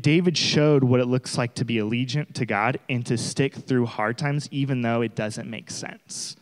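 A man's voice: mid-range voice, in a large hall. A young man giving a casual, conversational sermon, often acting out voices of the people he talks about. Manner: conversational, animated, acts out quoted voices. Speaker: preacher.

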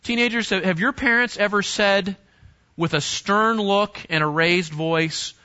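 A man preaching to young people in an emphatic way, often repeating words and restarting his phrases. His voice sits high and sounds bright and forceful. The recording is dull and lo-fi. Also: a little slow. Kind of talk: sermon to teenagers.

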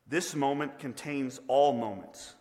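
A man voicing a calm, stern angel who speaks slowly and gravely. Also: medium pitch, lightly acted. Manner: slow, measured, grave. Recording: long reverb of a large hall.

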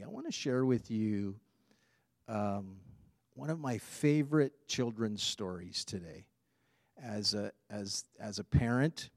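A man preaching a sermon as a pastor, in a relaxed, conversational way. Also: lowish voice, takes it slowly, no echo, studio quality.

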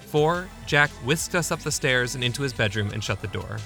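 A man's voice: mid-range voice, expressive, normal speed, gravelly, pushed and bright, faint music behind. A young man narrating his own memoir in a wry, self-deprecating, conversational way. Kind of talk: memoir storytelling.

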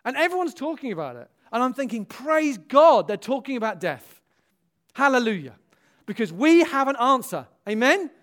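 A pastor preaches to his church in a very high voice, fairly quickly and with hardly any pauses. He's animated, telling stories and acting out dialogue, with frequent cries of hallelujah and amen.

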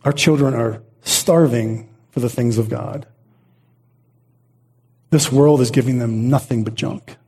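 A man's voice: medium pitch, a little slow, pauses often, darkish tone, slightly rough. A middle-aged man pastor preaching a sermon in an earnest, repeating way, often restarting his phrases.

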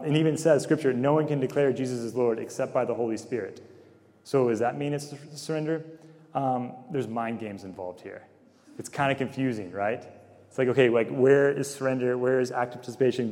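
A man's voice: medium pitch, a little mellow. Man preaching in a reverberant hall. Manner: conversational, filler-heavy, asks the crowd questions. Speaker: campus minister. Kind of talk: sermon to college students.

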